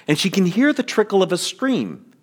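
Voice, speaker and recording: A man preaching a sermon as pastor, earnest and deliberate, with stammered restarts. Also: high-pitched, big pitch swings.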